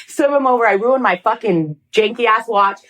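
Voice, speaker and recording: A woman's voice: a little high, normal speed. A woman co-hosting a podcast, telling a story as casual comedy and acting out the people in it, with plenty of swearing. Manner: animated, acts out quoted people, swears freely. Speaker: podcast co-host.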